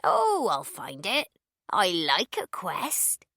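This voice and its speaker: A woman's voice: huge pitch swings, pushed and bright, no echo, clean studio sound, exaggerated voice. A woman putting on a fussy elderly neighbour. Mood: curious. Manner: slow, fussy and friendly, shrill cries when hurt. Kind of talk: audiobook character voice.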